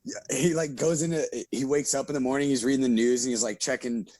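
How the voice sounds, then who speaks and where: A man's voice: medium pitch, fairly even intonation, fast, dark tone, a little hiss or hum. A man hosting a podcast, chatting casually and telling rambling stories, often through laughter. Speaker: podcast host. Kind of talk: casual chat.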